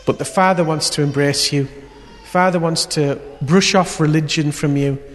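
A man preaching a sermon, telling a story and swinging between loud emphasis and quiet, intimate moments. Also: on the high side, steady tone, normal speed, soft background music. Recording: long hall reverb.

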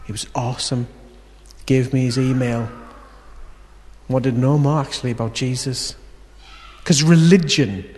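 Preacher in a reverberant hall. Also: male voice, a little high. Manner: lively, swings from loud emphasis to quiet intimacy. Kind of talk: sermon with storytelling.

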